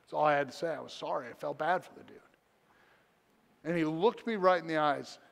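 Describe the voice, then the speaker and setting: Man, pastor, sermon storytelling, self-deprecating jokes, slightly high voice, big church reverb. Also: brisk, gravelly, fairly bright tone. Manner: humorous, self-deprecating asides. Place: church sanctuary.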